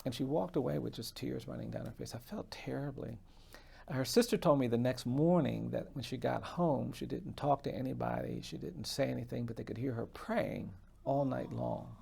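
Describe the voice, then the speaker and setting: A man, a defense attorney, telling a story in an interview in an earnest, measured way. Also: mid-range voice, vocal fry, mellow, slightly rough.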